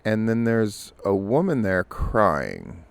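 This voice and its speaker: A man's voice: fairly low pitch, huge pitch swings, slow pace, vocal fry, clear, resonant tone, no room sound. A man hosting a news and commentary show, casually telling a long joke in a conversational storytelling way. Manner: storytelling, conversational with filler restarts.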